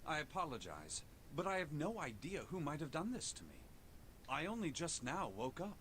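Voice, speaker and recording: A composed, refined young gentleman. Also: on the high side, very animated, a little hiss or hum. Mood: calm. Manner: formal, polite, measured. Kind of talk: video game voice acting.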